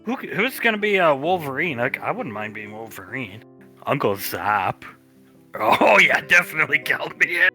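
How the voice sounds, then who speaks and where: A man narrating his actions in improvised game role-play, animated and laughing between lines, with faint guitar music behind. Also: fairly high pitch, normal speed.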